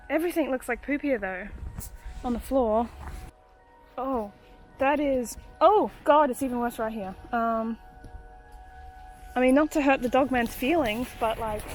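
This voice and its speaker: High-voiced chatty woman exploring outdoors. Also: rough recording. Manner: chatty, exclamatory, talks to viewers. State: out of breath while walking. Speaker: cryptid-hunting vlogger. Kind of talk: casual vlog commentary while exploring. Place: overgrown cemetery outdoors in the rain.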